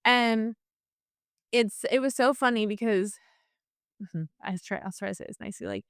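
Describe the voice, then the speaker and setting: A woman guest telling a personal story in a casual interview, chatty and animated, with lots of fillers and restarts. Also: on the high side, normal speed, clear, resonant tone, dry recording, studio quality.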